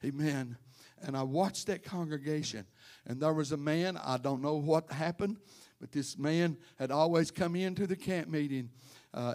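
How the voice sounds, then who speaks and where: A male pastor preaching a sermon to his congregation in church, telling stories and calling out members by name, rising to loud fervent preaching. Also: fairly high pitch.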